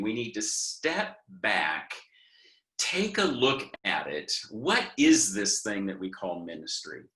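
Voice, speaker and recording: A man's voice: mid-range voice, pushed and bright, reverberant. A man, a practical theology professor, explaining in an earnest teaching manner with frequent restarts. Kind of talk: webinar talk.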